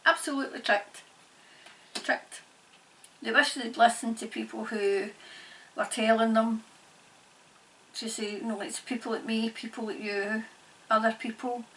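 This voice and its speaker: A woman giving a spirit-channelling reading in halting, repetitive, murmured phrases. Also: fairly high pitch, fairly even intonation, a bit bright. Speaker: tarot reader and medium. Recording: distant mic, faint background noise.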